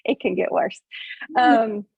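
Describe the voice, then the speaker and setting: A middle-aged woman with a Southern accent from Tennessee, a farmer telling her story in casual, hesitant talk with many pauses and ums. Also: on the high side, creaky, breathy edge, no echo. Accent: Southern US (Northeast Tennessee). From Northeast Tennessee. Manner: hesitant, lots of ums, self-deprecating laughs. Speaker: farmer, coaching student. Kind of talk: casual testimonial on a video call. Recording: tinny phone-like line.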